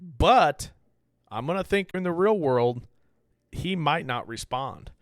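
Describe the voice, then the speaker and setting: A man's voice: on the high side, animated, takes it slowly, no echo, clean studio sound. Candid rambling male podcast host. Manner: candid, rambling, swears freely. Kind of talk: casual self-reflective talk.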